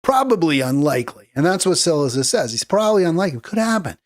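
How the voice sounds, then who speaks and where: A man's voice: a little high, sing-song, fast talker. A man hosting a political talk show, speaking off the cuff in a casual, digressive way with emphatic bursts. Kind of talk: solo political commentary.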